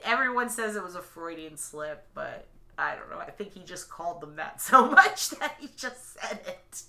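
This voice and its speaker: A woman co-hosting a podcast, telling a story in a casual, profane, animated way and loudly acting out the people in it. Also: mid-range voice. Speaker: podcast co-host. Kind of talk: casual chat.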